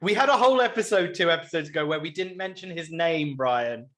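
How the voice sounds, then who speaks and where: Bantering podcast host. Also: male voice, on the high side, expressive, fairly quick, fairly bright tone. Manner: bantering, filler-heavy recap. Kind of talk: casual chat.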